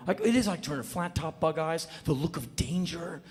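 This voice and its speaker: A man performing a live spoken word monologue, telling a story in an intense, animated and profane way, often mocking himself. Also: fairly high pitch, normal speed, hardly any pauses. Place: stage in a large venue. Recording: echoey live hall with faint noise.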